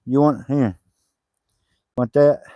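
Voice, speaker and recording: A man's voice: medium pitch, steady tone, slow pace, no echo, highs cut off. A man working on his homestead cabin, chatting casually, laughing easily and calling to his dogs. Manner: easygoing, laughs often, calls to dogs. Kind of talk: casual chat while working.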